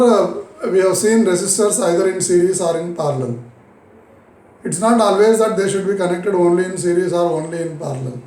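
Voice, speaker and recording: Indian english guy teaching physics, pretty high voice, repeats stuff slow, echoey room. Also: warm tone. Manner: repeats key phrases slowly, asks and answers own questions. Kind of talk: recorded classroom lesson.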